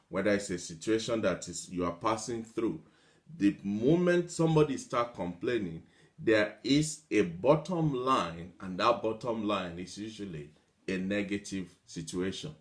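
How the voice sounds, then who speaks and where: Man giving a motivational talk, repeating lists. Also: fairly low pitch. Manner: repetitive, builds long lists of examples; mimics complainers in a whiny voice. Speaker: motivational speaker.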